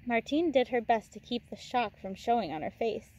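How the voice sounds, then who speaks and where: A woman teacher reading a novel aloud in a relaxed way, breaking off for chatty asides to her listeners. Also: on the high side, moderate pace, few pauses, lo-fi sound, a little hiss or hum.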